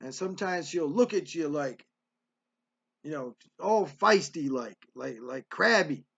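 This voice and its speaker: A man with a high voice tells a personal story with lively energy. The sound is dry and slightly dull, close and without room echo. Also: a little slow, gravelly, husky. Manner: animated, acts out voices in quotes.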